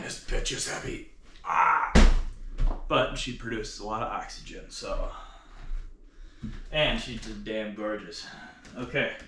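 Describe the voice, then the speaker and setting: A man talking casually to himself during a home workout, rambling and swearing as he sets up. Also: on the low side. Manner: rambling, profane, mutters to himself. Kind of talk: casual self-talk while exercising. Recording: echoey room with faint noise.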